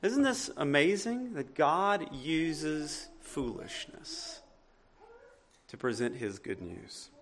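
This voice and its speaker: A man's voice: high-pitched, a bit bright. A man with a Southern US accent preaching a sermon as a pastor, earnest and emphatic, often restarting his sentences.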